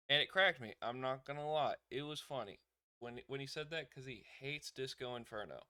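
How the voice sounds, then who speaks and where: A young man giving a casual wrestling show review, chatty and quick to laugh, acting out what people said. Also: a little high, lively intonation, sharp tone, no room sound, clean studio sound. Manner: chatty, laughs often, acts out quotes.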